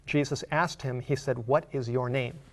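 A man teaching a Bible study, who reads scripture slowly and asks the listener earnest questions. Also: mid-range voice, steady tone. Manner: earnest, slows down to read scripture aloud.

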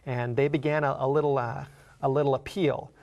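Male preacher, gravelly voice, earnest storytelling sermon, emphatic questions. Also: medium pitch, level tone, brisk, a little mellow, highs cut off. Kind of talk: sermon, Bible exposition.

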